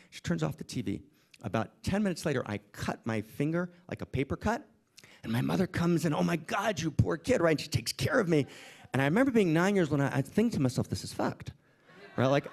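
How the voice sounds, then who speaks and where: A man giving an impassioned inspirational talk to a summit audience, full of rhetorical questions and repeated "right?". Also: fairly high pitch. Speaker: speaker at a summit. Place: conference room with audience.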